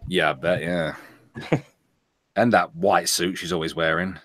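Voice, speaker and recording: A man's voice: sits low, fairly even intonation, unhurried, fairly bright tone, dry recording, studio quality. A man hosting a casual political chat show, joking, laughing often and stumbling into restarts. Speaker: host of an online talk show.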